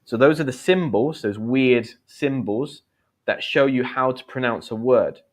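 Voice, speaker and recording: At a measured pace and in a mid-range voice, a man hosts an English-teaching livestream. His style is chatty and encouraging, and he reads out the comments viewers leave.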